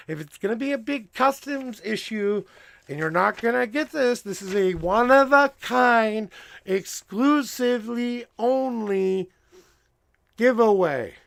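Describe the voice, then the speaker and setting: A loud man rambles and jokes as he hosts a livestream from a room at home. His voice is high, bright and tense, with a gravelly edge and a crisp, smooth tone. The sound is dry and close. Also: dry recording. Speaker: livestream tarot reader host. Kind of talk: casual livestream chat.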